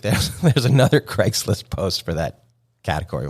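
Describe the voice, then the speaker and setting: A man's voice: on the low side, sing-song, normal speed. A man hosting a podcast, talking alone in a joking, conversational way and chuckling at his own lines. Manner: joking, conversational, self-amused. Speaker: podcast host. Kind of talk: solo podcast monologue.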